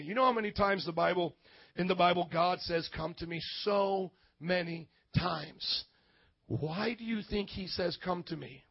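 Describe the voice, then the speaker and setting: A man preaching a sermon in church, fervent and calling out to the congregation, at times rising to shouts. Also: high voice, normal speed, gravelly, dry recording, highs cut off.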